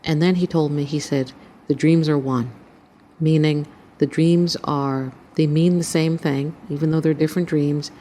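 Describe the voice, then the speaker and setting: A woman's voice: sits low, fairly even intonation, moderate pace, warm tone, a little hiss or hum. A woman hosting her channel, earnestly recounting a dream as spiritual testimony and acting out the voices in it. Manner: earnest storytelling, acts out quoted voices.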